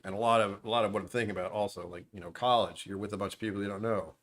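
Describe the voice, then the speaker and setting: A man with a fairly low voice talks into a desk mic at home, hosting a loose, meandering livestream. He drifts between topics with a dry, sarcastic streak and pokes fun at himself. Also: fairly even intonation, very fast, a bit bright. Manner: sarcastic, meandering, self-deprecating. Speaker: livestream host. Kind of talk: rambling casual livestream chat. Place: at home, dishwasher running nearby.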